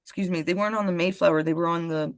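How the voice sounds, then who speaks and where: A woman's voice: on the low side, steady tone, racing, dry recording. Woman, blunt and rambling, swears freely, dry close sound. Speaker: podcast co-host. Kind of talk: casual political chat.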